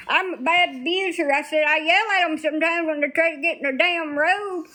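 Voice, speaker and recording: A woman's voice: very high-pitched, fairly quick, bright, forceful tone. A woman talking bluntly to viewers on a casual livestream, swearing freely.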